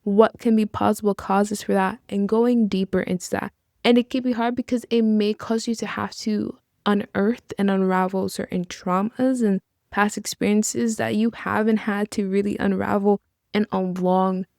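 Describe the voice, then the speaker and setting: Earnest woman with a gravelly fry. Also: medium pitch, flat delivery, moderate pace, darkish tone, no echo, clean studio sound. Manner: earnest and encouraging, with casual asides. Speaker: podcast host. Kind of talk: reflective podcast monologue.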